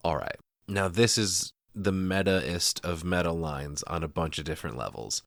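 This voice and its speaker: A man's voice: sits low, normal speed, vocal fry, fairly bright tone, dry recording, clean studio sound. A man co-hosting a podcast, casually recapping a horror film scene by scene, swearing freely and acting out lines. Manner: profane, recaps scenes, acts out quotes. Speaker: podcast co-host.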